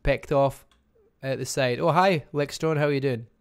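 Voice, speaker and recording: A Scottish man casting a live online strategy game match, talking fast and chattily and barely stopping for breath. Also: medium pitch, gravelly, clean tone. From Scotland. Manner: fast, chatty, talks without pausing. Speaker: game caster. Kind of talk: live esports commentary.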